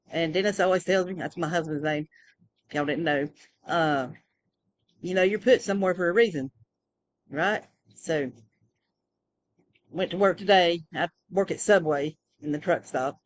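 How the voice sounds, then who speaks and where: A woman's voice: lowish voice, moderate pace, pauses often, slight background noise. A woman rambling through a casual personal monologue, full of fillers and restarts. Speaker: vlogger.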